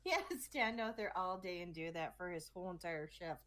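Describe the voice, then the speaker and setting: A woman's voice: on the low side, expressive, fairly quick, fairly bright tone. A woman co-hosting a casual chat show, telling a story and laughing often. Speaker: podcast co-host.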